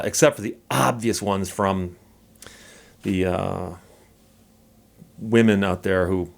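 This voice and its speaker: A middle-aged man hosting a legal commentary channel, telling a story in a dry, wry way and mockingly reading out messages. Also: on the low side. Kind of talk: casual talking-head monologue.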